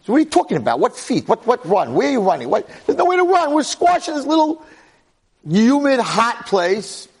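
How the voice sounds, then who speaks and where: A man voicing a frightened, stubborn unborn twin boy who speaks in shrill, panicky exclamations. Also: very animated, a little fast, vocal fry, a little mellow, breathy edge, exaggerated voice. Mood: incredulous.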